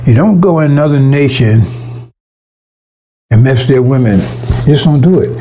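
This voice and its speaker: Gravelly, husky-voiced man preaching. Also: mid-range voice, expressive, moderate pace, warm tone, soft background music, rough recording. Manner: emphatic and profane, with frequent stammered restarts. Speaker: preacher addressing a congregation. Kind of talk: informal fiery sermon.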